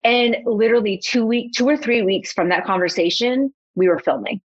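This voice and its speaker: Young woman guest, animated storyteller, casual chat, dull low-fi recording. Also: normal speed. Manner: animated storyteller, quotes herself. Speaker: podcast guest, photographer.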